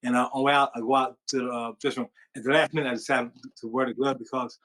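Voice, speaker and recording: A man, a former boxer, telling stories in an interview with a rambling, animated manner and many fillers. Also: medium pitch, rapid-fire, rough recording. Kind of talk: storytelling interview.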